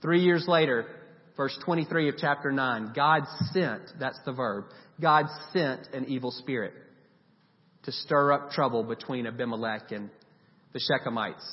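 A man preaching a sermon, retelling Bible stories in a lively, animated way and giving the people in them voices. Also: mid-range voice. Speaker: pastor. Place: church sanctuary. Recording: dull recording with long reverb.

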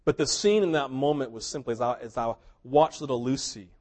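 A man preaching a sermon, telling a story with big swings between loud, excited passages and hushed ones, sometimes acting out what characters say. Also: mid-range voice, fairly quick. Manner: mimics characters in quoted asides. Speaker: pastor.

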